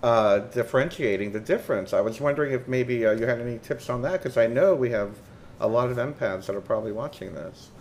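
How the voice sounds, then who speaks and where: A man's voice: mid-range voice, fast talker, a little hiss or hum. A man hosting a casual interview, hesitant and searching for words with many uhs. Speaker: interview host.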